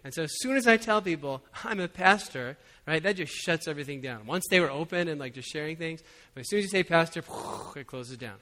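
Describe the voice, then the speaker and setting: A man preaching as a pastor, telling a personal story in a relaxed, conversational way with frequent chuckles. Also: fairly high pitch, a little fast, hardly any pauses. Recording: long hall reverb.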